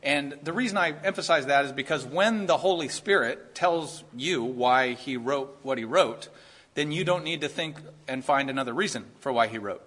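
A man's voice: mid-range voice, normal speed, a bit bright. A man preaching a sermon in an earnest, conversational way, rising to emphatic points. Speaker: pastor.

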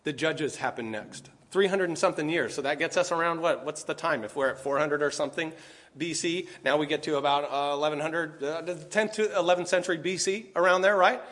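A man delivers a sermon in a high-pitched voice. He reads scripture passages aloud and often stops to put rhetorical questions to the room. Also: brisk, fairly bright tone. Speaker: preacher.

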